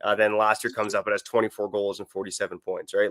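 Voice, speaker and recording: A man co-hosting a hockey podcast in casual chat, relaxed and hedging, with many fillers. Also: on the low side, quick pace, few pauses, no room sound, clean studio sound. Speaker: podcast co-host.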